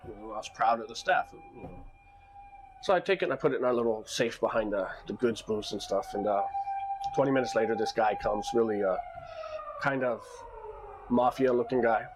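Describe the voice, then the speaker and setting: Over a noisy background, a man with a mid-range voice talks fairly quickly. He runs a nightclub and shares work stories in a loose, rambling vlog style, full of restarts and long tangents, livening up whenever he acts out arguments.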